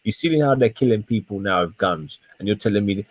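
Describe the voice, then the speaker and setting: A man's voice: on the low side, expressive, fairly quick, no room sound. A man in a heated casual podcast debate, emphatic and swearing, repeating words to press his point. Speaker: podcast co-host.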